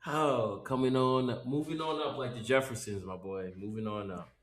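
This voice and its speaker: A man hosting a football podcast, talking in animated, slangy casual banter. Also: medium pitch, moderate pace, echoey room, a little hiss or hum. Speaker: podcast host. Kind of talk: casual sports chat.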